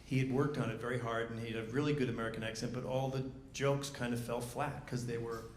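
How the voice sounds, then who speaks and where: Halting male director in echoey room. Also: medium pitch, steady tone. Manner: halting, many restarts, laughs often. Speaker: film director, guest. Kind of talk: onstage festival discussion. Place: festival event venue. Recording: echoey room, faint noise.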